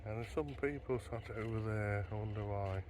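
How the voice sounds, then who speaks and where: A man's voice: fairly low pitch, moderate pace, noisy background. A man vlogging as he walks a beach at sunrise, chatting to camera and wondering aloud as he goes. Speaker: travel vlogger. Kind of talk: casual walking narration to camera. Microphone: handheld camera while walking.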